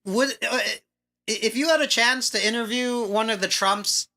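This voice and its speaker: Podcast co-host, male: bright, mid pitch, giggly, the voice of reason against his partner. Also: normal speed. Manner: laughs often, pushes back in a reasoning tone. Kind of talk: casual podcast banter.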